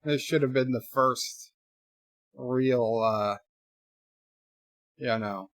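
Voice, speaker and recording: A man's voice: medium pitch, drawn-out words, dry recording, studio quality. A man casually commenting on a film while reading viewer chat aloud, with wry, sarcastic asides and frequent fillers. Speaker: streamer watching a film with chat.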